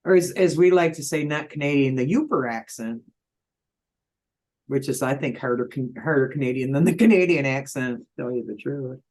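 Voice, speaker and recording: A man's voice: medium pitch, normal speed, darkish tone. A male host, joking and laughing often in a casual chat.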